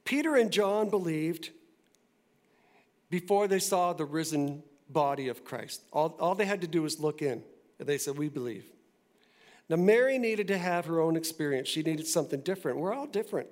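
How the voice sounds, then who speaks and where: A male pastor preaches to his church in a loose, conversational way, tossing in quick asides as he goes. His voice sits high for a man. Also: expressive. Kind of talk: sermon.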